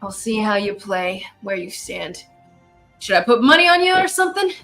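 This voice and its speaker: A woman voicing a gruff male bouncer who guards a tavern door, brusque and clipped. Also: mid-range voice, very animated, normal speed, fairly bright tone, soft background music.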